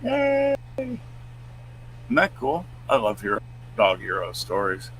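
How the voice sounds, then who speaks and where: A man co-hosting a live stream, chatting casually and reading out news stories in a loud, booming voice. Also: wildly swooping pitch, a little slow, breathy edge, poor audio. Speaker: co-host.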